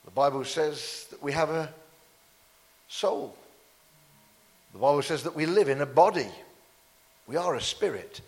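A man preaching a sermon in a church, lively and jokey, with playful asides to the congregation. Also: fairly high pitch, unhurried, pauses often, in a large hall. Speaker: pastor.

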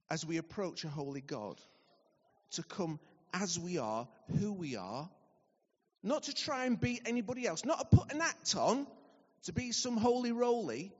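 A man giving a sermon, telling a story with lively acted-out dialogue. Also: sits high, breathy edge. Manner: animated storytelling, acting out dialogue. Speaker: preacher. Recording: dull recording in a large reverberant hall.

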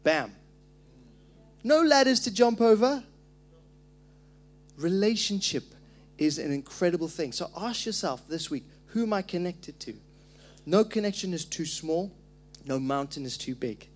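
Energetic high-voiced man preaching. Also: measured pace, long pauses. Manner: energetic, animated storytelling with joking asides. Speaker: pastor. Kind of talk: sermon. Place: church hall.

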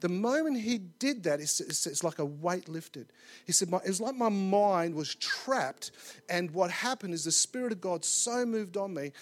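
A man preaching a sermon to a live congregation, his voice sitting high for a man. He tells his story in an animated way, acting out the voices he quotes and rising loud at tense moments. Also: moderate pace. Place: church or conference hall with live audience.

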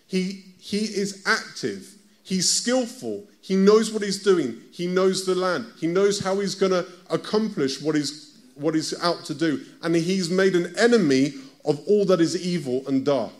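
His voice sits high and sounds animated, and he speaks a little slowly. A man with a British accent is preaching conversationally, often breaking off to ask his audience direct questions.

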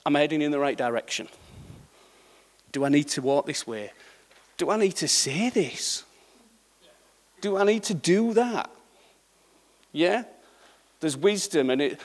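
A man's voice: fairly high pitch, in a large hall. A middle-aged man preaching a sermon in a conversational way, often checking in with the congregation. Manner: conversational, checks in with repeated "yeah?".

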